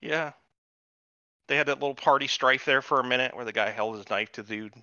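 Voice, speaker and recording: A male podcast host with a mid-range, sharp-toned voice speaks briskly, ranting about a show with casual profanity. The audio is dull lo-fi, with no echo.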